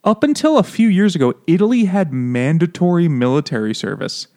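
A man's voice: on the high side, sing-song, a little mellow. Laughing, mocking man on a podcast. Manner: laughing, mocking, does quick silly voices for quotes. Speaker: podcast co-host. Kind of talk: casual chat.

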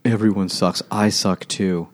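A man's voice: fairly low pitch, level tone, measured pace. A man talking casually about a novel, blunt and dry, swearing freely. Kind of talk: casual book-club chat.

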